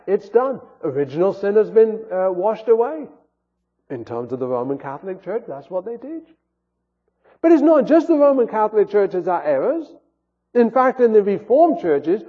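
A man, a pastor, delivering an earnest sermon with rising and falling emphasis, heard through a tinny, phone-like recording. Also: sits high. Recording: phone-like sound with long hall reverb.

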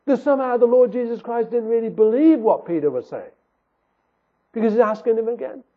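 Man, sermon, high voice, earnest, emphatic repetition, phone-like tinny sound. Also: animated, brisk. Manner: earnest, emphatic, repeats key phrases. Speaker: preacher.

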